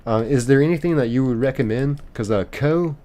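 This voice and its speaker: A man's voice: mid-range voice, fairly quick, mellow. A man streaming a game live, reading chat aloud and rambling casually with lots of fillers and restarts.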